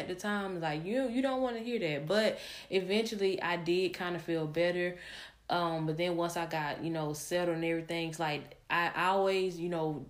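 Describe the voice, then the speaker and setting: Young female podcast host, low voice, candid rambling storyteller. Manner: candid, rambling, many fillers and restarts. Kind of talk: personal storytelling.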